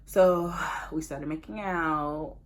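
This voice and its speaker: A young woman talking straight to her viewers in a casual storytime vlog, candid and animated. Her voice sits a little low for a woman, and she jumps between slang, laughter and earnest confession. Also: slow pace. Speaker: vlogger.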